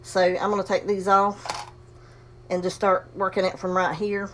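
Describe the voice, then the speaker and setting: Host, woman, casual crafting tutorial, folksy and talkative, mid-pitched, slightly heavy breathing. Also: little pitch movement, moderate pace, slight background noise. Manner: chatty, folksy, talks herself through the steps. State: breathing heavily. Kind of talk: casual sewing demonstration.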